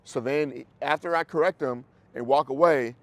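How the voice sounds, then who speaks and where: A man, a dog trainer coaching a group class in a casual way, animated and acting out dogs and owners, with casual swearing. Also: mid-range voice, normal speed.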